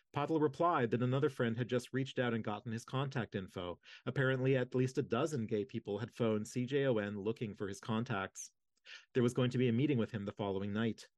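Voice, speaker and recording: A man reads a history book aloud in a measured, steady way at a middle pitch. The recording is dry and close, with no room sound. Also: no echo. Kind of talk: audiobook-style reading.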